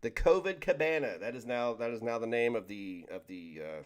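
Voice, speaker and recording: A man's voice: medium pitch, animated, normal speed. A man hosting a livestream, chatting casually with his viewers, rambling and joking as he stumbles over his words. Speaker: livestream host reading chat.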